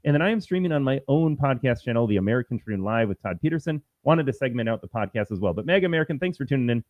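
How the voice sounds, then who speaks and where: Male livestream host, emphatic and combative, swooping pitch, dry close sound. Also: expressive, very fast, no echo, narrow, tinny audio. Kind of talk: political commentary livestream.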